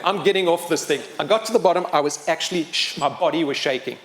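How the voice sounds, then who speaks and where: Animated man telling a story live. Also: on the high side, fast talker. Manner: animated, self-mocking humor, wide swings in loudness. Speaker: storyteller and motivational speaker.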